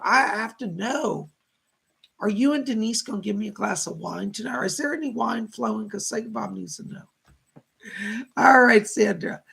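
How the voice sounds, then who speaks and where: A man's voice: high voice, gravelly, fairly bright tone, breathy edge. A middle-aged man hosting a live stream of psychic readings, gushing as he thanks viewers by name. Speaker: psychic medium host.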